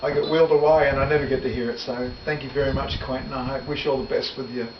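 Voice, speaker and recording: His delivery is flat and quick, pitched in the middle, as this middle-aged musician rambles through memories during an informal interview. He keeps correcting himself and laughs easily. Audio quality is poor: echoey, far away, dull, and loud with noise.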